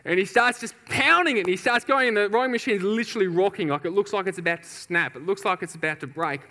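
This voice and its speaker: A man preaching a sermon, telling a personal story with laughs and acted-out shouts. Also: sits high, fast. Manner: lively storyteller, laughs often, acts out shouts. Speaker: pastor. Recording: reverberant hall.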